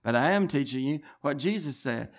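A man's voice: medium pitch, lively intonation, fairly quick. A man preaching a sermon. He tells long stories in an earnest, insistent tone, often stopping and restarting his sentences. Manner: rambling storytelling with frequent restarts.

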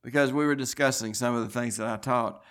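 A man's voice: medium pitch, quick pace, a bit bright. A man preaching a sermon. He tells long stories in an earnest, insistent tone, often stopping and restarting his sentences. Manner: rambling storytelling with frequent restarts.

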